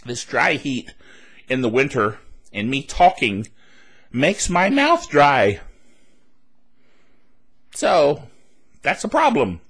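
Chatty tech podcaster man, lively pitch. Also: takes it slowly, long pauses, slightly rough. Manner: chatty and rambling, with frequent laughs and asides. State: dry throat. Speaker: podcast host. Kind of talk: solo tech news podcast commentary.

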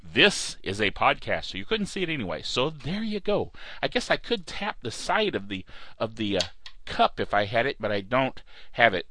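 A man's voice: mid-range voice, very animated, moderate pace, pushed and bright. A man hosting a podcast in casual, rambling chat, joking and drifting off track before finding his way back. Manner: jokey, wanders off track and back. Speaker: podcast host.

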